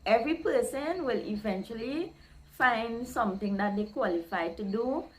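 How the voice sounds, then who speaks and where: A woman's voice: on the high side, animated, normal speed, poor audio. A woman, explaining Caribbean sayings in a casual vlog, step by step, and acting out quoted lines by shifting her voice. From Guyana.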